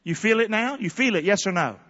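A middle-aged male pastor preaching a sermon, leading the congregation in call-and-response and rising to shouts. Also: high voice, animated, fairly quick. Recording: dull sound with long church reverb.

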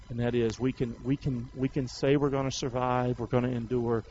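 A man pastor preaching a sermon, calling out questions for the congregation to answer and rising to shouts. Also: mid-range voice, slightly rough, highs cut off.

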